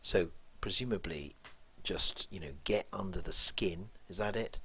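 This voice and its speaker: A man teaching, walking through a play line by line in a thoughtful, musing way, often pausing and restarting. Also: sits low, sharp tone, breathy edge.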